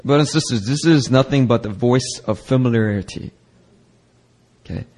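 A man's voice: medium pitch, normal speed, a little mellow. A man preaching a sermon at a church service, reading scripture aloud and acting out nagging voices. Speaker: pastor.

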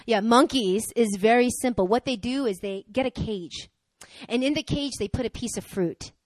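A young woman preaching a sermon, conversational and energetic, swinging from loud exhortation to quiet asides. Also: fairly high pitch, normal speed, no room sound.

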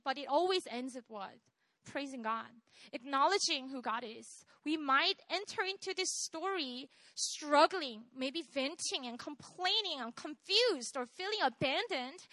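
A woman's voice: high-pitched, sharp tone, no room sound. A young woman preaching a sermon in an earnest, exhorting way, often checking in with her listeners. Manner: earnest and exhorting, with frequent "right?" asides.

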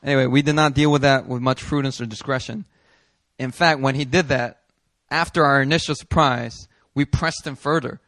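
A man preaching a sermon as a pastor, telling a story in an animated way, acting out the people he quotes and laughing as he goes. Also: medium pitch, normal speed, no room sound. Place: church hall.

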